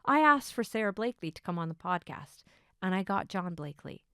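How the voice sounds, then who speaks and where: A middle-aged woman hosting her own podcast, telling a story in a casual, excitable way that swings between hushed asides and bursts of enthusiasm. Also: medium pitch, brisk, smooth, no room sound, clean studio sound. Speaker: podcast host.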